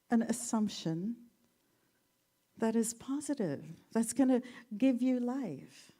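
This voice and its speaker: A woman minister giving a sermon, telling stories gently with playful asides. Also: a little high. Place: church sanctuary.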